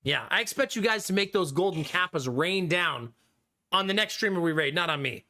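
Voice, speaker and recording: High-pitched and lively in intonation, this man speaks at normal speed with a bright, forceful tone. He's an Ohio streamer having a casual chat with viewers, frequently joking and laughing, recorded on a studio condenser microphone.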